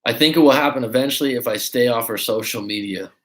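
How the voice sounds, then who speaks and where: A man's voice: mid-range voice, fast. A man coaching on a livestream, talking casually and telling stories with swearing and acted-out quotes. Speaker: life coach. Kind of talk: livestream advice talk.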